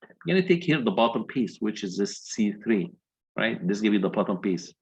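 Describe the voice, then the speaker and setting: Gravelly-voiced lecturer walking through calculations. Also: male voice, fairly low pitch, big pitch swings, brisk, highs cut off. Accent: Egyptian. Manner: explains step by step, asks checking questions. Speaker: engineering lecturer. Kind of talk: university lecture.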